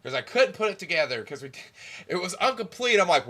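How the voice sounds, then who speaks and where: Young man, slightly high voice, casual stream chat, rambling, swearing, laughing. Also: sing-song, a little fast, sharp tone. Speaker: stream co-host.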